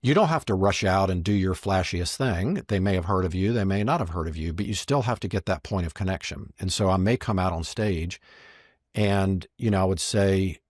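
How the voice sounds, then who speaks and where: Man, low husky voice, lively storyteller, podcast guest, dry close recording. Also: normal speed, no room sound. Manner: lively storyteller who acts out quoted lines. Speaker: guest, magician and marketing strategist.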